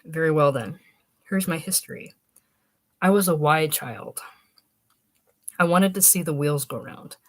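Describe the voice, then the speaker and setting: A woman's voice: deep voice, dry recording, close to an everyday voice. Woman reading as a prim earnest young scholar. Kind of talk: audiobook reading.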